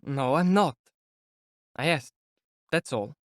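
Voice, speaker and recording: A man's voice: fairly high pitch, animated, slow, no room sound, studio quality. A man voicing an earnest young police clerk who grows flustered, in an audiobook reading.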